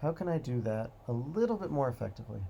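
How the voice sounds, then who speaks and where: Brief: male host, gravelly, warm low tone, calm repetitive motivational musing, faint background hiss. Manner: calm, repetitive, drawn-out phrasing. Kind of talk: slow reflective motivational monologue.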